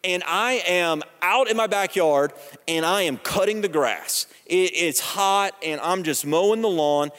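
High-voiced man preaching in reverberant hall. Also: measured pace, fairly bright tone. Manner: conversational, joking, storytelling. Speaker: pastor. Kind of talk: sermon with personal story. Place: church sanctuary.

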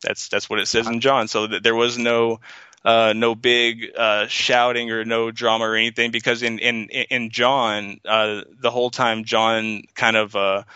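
A man talks through a casual podcast discussion in a bright, crisp voice. He rambles, starts over and leans on fillers, and the sound is slightly dull and lo-fi, close and dry. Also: medium pitch, level tone, a little slow, dry recording. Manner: rambling, lots of fillers and restarts. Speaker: podcast co-host.

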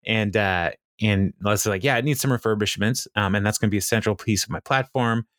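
Guy with a lower voice chatting thru a tv recap, laughs a lot, dry close sound. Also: a little fast, a bit bright, no echo. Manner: chatty retelling with frequent laughs and fillers. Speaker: podcast co-host. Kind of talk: casual chat recapping a TV episode.

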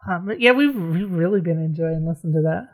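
A woman's voice: lowish voice, fast talker. A woman co-hosting a podcast in casual chat, wry and chatty, often laughing as she talks. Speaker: podcast co-host.

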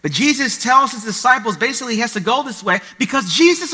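A pastor delivers a Sunday sermon in a high, keen, bright-edged voice. This man reads scripture aloud and then unpacks it with plain everyday comparisons. He speaks to a church congregation. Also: expressive, fast, husky. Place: church service.

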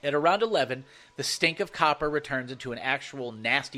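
A man narrating a first-person horror story, swearing freely and telling it with animated energy. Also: mid-range voice, brisk, few pauses.

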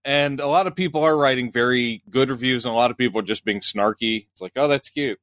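A man's voice: medium pitch, fast, a bit bright, no echo, studio quality. A man in his fifties with the hiccups, co-hosting a casual podcast chat, rambling and laughing. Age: 50s. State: has the hiccups. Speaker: podcast co-host.

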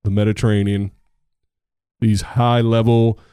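Rambling low-voiced man in casual chat. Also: measured pace, clean tone, no room sound, clean studio sound. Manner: rambling, restarts, animated when excited. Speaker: tennis podcast co-host, coach.

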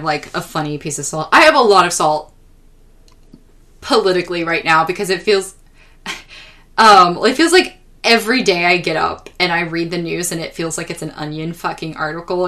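A young woman hosting a podcast, telling a comic story in an exasperated, profane, animated way. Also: lowish voice. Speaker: podcast host. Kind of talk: casual comedic storytelling.

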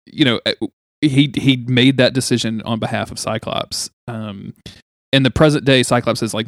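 A man's voice: mid-range voice, steady tone, normal speed, dry recording, clean studio sound. A man co-hosting a podcast, recapping a comic book in a loose, joking way with filler words. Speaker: podcast co-host.

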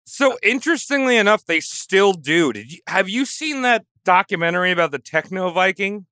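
A man with a high, bright, forceful voice who tosses in quick jokes and riffs. The sound is dry and close. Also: animated, no echo. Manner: quick jokey interjections. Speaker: podcast co-host. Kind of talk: casual comedic banter.

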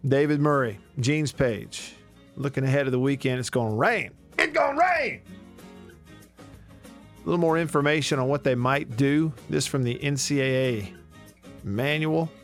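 With soft music in the background, a mid-range voice moves at a moderate pace. The speaker is a 30-something studio radio host from Alabama, telling stories in chatty, self-mocking radio talk.

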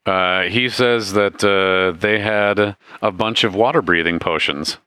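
Game master, man, deep and resonant, easygoing storyteller. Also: a little slow, smooth, no room sound. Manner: relaxed, laughs often, loose storytelling. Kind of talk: narrating a tabletop game.

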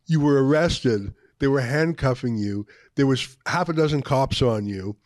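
A man's voice: medium pitch, measured pace, a little mellow, no room sound. Man, host, emphatic commentary, combative, dry close studio sound. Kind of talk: opinionated commentary interview.

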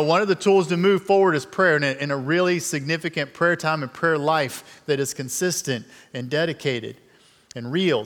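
Chatty guest preacher in reverberant church. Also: male voice, a little high, a bit bright. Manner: conversational, self-deprecating storyteller. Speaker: guest speaker. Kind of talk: sermon storytelling. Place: church sanctuary.

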